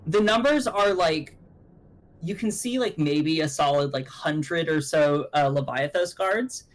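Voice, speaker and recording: A young man narrating a tabletop game as game master on a stream, rambling with fillers and quick self-corrections. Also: a little high, low-quality recording.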